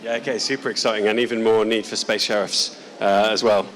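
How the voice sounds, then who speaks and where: Brisk, informal man hosting a showcase. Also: on the low side, flat delivery, fairly bright tone. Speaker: session host.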